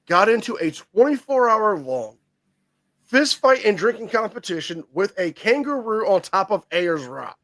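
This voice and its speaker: A man's voice: high-pitched, big pitch swings, moderate pace, fairly bright tone. A man co-hosting a podcast, asking mock-serious questions and swearing in casual chat.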